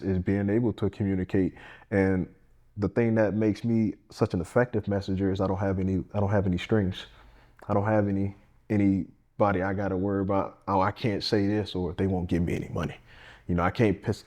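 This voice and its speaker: A congressional candidate who is also a firefighter talks in a low, darkish voice. He speaks earnestly and plainly in a casual interview, frequently restarting his sentences.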